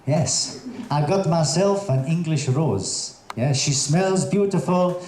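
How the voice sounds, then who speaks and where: Halting stand-up comic in an echoey theatre. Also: male voice, fairly high pitch, darkish tone, a little hiss or hum. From Russian parents, raised in Colombia. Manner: hesitant, halting delivery with many fillers. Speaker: stand-up comedian. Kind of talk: stand-up comedy set on stage. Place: theatre stage before a live audience. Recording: echoey theatre with audience ambience.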